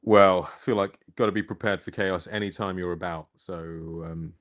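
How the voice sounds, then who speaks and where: Deep-voiced easygoing man. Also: fairly even intonation, normal speed, a crowd in the background. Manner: easygoing, agreeable, explanatory. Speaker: podcast co-host. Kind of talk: casual conversation.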